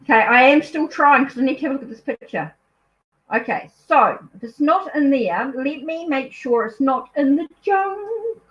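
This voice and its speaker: A chatty woman with a New Zealand accent speaks a little high, rambling and apologizing as she thinks aloud during a casual live stream from home. The sound is dull and lo-fi. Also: expressive, normal speed. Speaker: tarot reader hosting a live stream.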